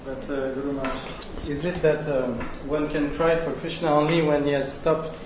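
A male disciple asking soft, hesitant questions during a group talk. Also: fairly high pitch, level tone, moderate pace, lo-fi sound. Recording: distant, echoey, noisy old recording.

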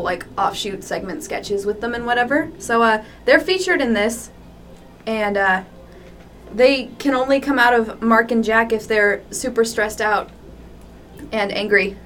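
A woman podcast host in casual chat, reading fan fiction aloud in an animated way and putting on voices for it. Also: fairly high pitch, normal speed. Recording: distant mic with faint noise.

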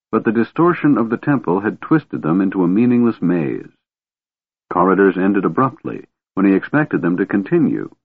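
A man narrates a fantasy audiobook in a steady, measured voice. His voice is very low and the recording is dry, with no room sound. The audio is squeezed into a narrow, phone-like band. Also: dry recording.

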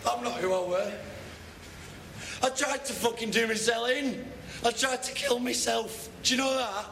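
A man's voice: very high-pitched, normal speed, vocal fry, fairly bright tone, slight background noise, full character voice. An actor playing a distraught young man, raw and tearful, confronting a friend who betrayed him. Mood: despairing. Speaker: film character. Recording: echoey film audio with ambience.

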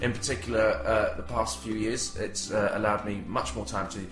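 A man's voice: on the low side, fairly even intonation, normal speed. A man co-hosting a comedy podcast, hesitant and giggly, stumbling through an improvised courtroom sketch. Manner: hesitant, giggly, lots of ums. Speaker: podcast co-host. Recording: echoey room with faint music.

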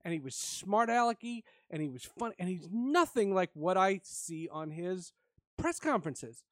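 A man casually telling an animated story with frequent laughs. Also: high-pitched, normal speed, no room sound, studio quality.

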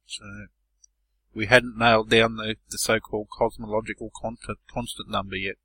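Male podcast panelist, explanatory, bright voice, dry close recording. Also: lowish voice, flat delivery, moderate pace, no room sound, low-quality recording. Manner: explanatory, lays out science plainly. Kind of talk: casual chat.

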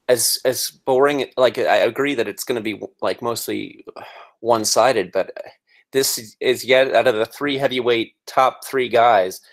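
A man hosting a casual podcast, moving the conversation along. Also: mid-range voice. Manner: moderating, casual, quick. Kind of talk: casual boxing chat.

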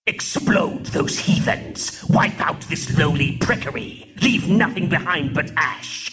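A man voicing a commanding male voice inside a character's head, giving slow, imperious orders for an audiobook. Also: a little high, animated, a bit bright, faint music behind.

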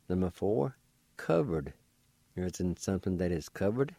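A man teaching vocabulary in a radio lesson, spelling words letter by letter and sounding out each syllable slowly and deliberately. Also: lowish voice, animated, vocal fry, dark tone, no room sound. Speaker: language teacher.

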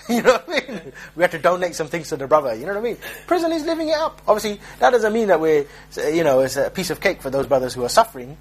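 A man's voice: a little high, very animated, fast talker, slightly rough. A young man giving an informal religious talk, telling jokey street stories and mimicking the people in them. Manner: joking, streetwise storytelling with mock voices. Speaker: preacher.

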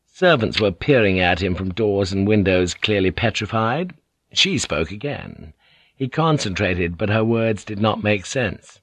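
A man narrating an audiobook in a measured, even storytelling manner. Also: fairly low pitch, no echo.

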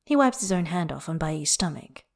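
Soft-voiced woman reading fiction aloud. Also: low voice, very animated, moderate pace, creaky. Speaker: audiobook narrator.

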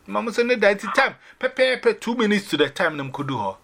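A man sharing a personal faith testimony, telling it in an animated way and dropping in English phrases. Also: high voice, fairly quick, gravelly.

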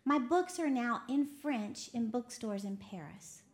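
High-pitched lady preaching, lively and laughing a lot, from texas. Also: unhurried. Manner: lively, laughs often, quotes voices. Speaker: preacher co-hosting a broadcast. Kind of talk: sermon to a women's audience.

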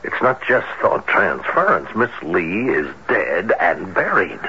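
An actor playing a shrewd police captain questioning a witness in a murder case, in a 1970s radio drama. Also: male voice, deep voice, wildly swooping pitch, takes it slowly, sharp tone, slightly rough, full character voice. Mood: probing. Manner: probing, skeptical questioning. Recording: dull lo-fi vintage radio with faint hiss.

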